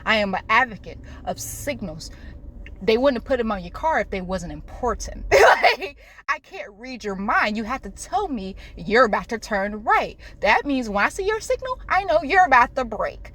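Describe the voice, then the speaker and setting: A woman vlogging a casual, animated rant while she drives, swearing and laughing often. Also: on the high side, normal speed. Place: in a car while driving. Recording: road noise from driving car. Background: car and road noise.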